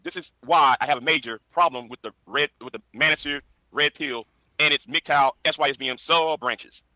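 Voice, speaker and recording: Bright, sharp-voiced lecturing man. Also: fairly high pitch, dry recording, rough recording. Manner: preachy, lecturing, halting restarts. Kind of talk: lecturing video commentary.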